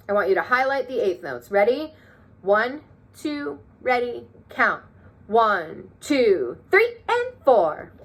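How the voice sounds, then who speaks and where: A woman's voice: mid-range voice, a bit bright. A woman teaching a music lesson to children, encouraging them and counting rhythms aloud.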